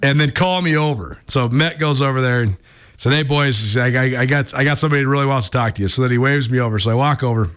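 A man in his thirties hosting a sports radio show, telling a story in a lively, self-mocking way with many restarts. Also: medium pitch, quick pace, clear, resonant tone.

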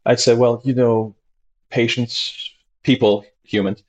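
A man, a doctor as interview guest, talking expressively and acting out his patients' voices with big jumps in pitch. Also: flat delivery, slow pace, slight background noise. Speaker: integrative medicine doctor, guest. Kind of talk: animated conversational interview.

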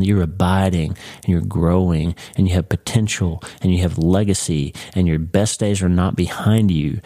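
Deep, mellow-voiced man giving a devotional talk. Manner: earnest, encouraging, addresses the listener as friend. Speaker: podcast host.

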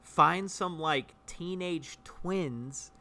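Bright, flustered improv performer. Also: mid-range voice, extremely slow. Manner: flustered, backpedaling, over-explaining. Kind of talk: improvised comedy scene.

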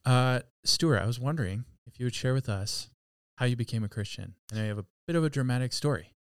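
A man's voice: medium pitch, fast, clear, resonant tone, no room sound, clean studio sound. A man hosting a church podcast interview, friendly and lightly joking with his guest. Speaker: podcast host. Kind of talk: casual interview.

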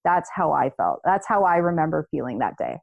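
A woman in her thirties telling a personal story in casual chat, animated, acting out what people said. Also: sits low, fairly quick, vocal fry, no echo, narrow, tinny audio. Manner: animated storytelling, acts out quoted voices, laughs. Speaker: podcast co-host.

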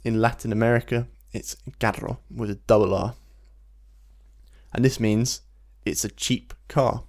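A man, teaching a Spanish lesson in a relaxed podcast style, explaining patiently and slowing down to model phrases. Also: medium pitch. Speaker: language teacher.

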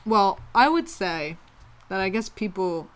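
A woman's voice: medium pitch, big pitch swings, a little slow. A young woman from Pennsylvania co-hosting a podcast in casual chat, laughing often and playfully repeating words. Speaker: podcast co-host.

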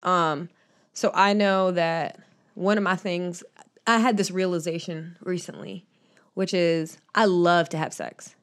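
A woman co-hosting a casual podcast, candid and quick to laugh, swearing freely as she gives advice. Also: fairly low pitch, fairly even intonation, clear, resonant tone. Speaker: podcast co-host.

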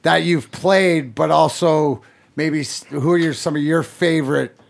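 A man hosting a casual podcast, asking halting questions and cracking crude jokes. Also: on the high side, fairly even intonation, vocal fry. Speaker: podcast host.

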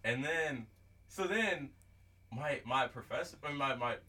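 A man's voice: mid-range voice, lively intonation, a little slow, sharp tone, distant mic. A young man on a podcast, telling funny stories in casual chat, laughing and swearing as he goes. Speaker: podcast co-host, firefighter.

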